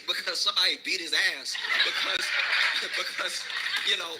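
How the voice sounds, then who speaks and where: A man's voice: high voice, moderate pace, heavy background noise. A man doing a stand-up comedy routine. He tells a rambling story and often laughs through his own lines.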